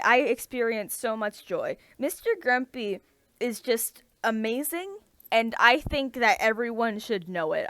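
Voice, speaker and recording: A woman's voice: fairly high pitch, a bit bright, no echo. A woman co-hosting a casual chat, talking with eager enthusiasm and many restarts. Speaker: podcast co-host.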